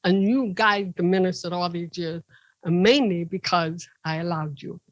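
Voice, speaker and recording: A podcast guest from Ohio, USA, recounts personal stories at an ordinary pace, lively throughout. Whenever she quotes someone she performs their voice with sharp pitch swings. The recording is dry, with the high frequencies cut off.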